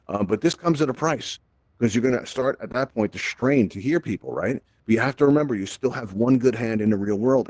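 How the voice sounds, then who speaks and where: A man gives a chatty live tech presentation in virtual reality through a headset mic, often tagging his sentences with "right?". His voice is fairly low and darkish, with no echo.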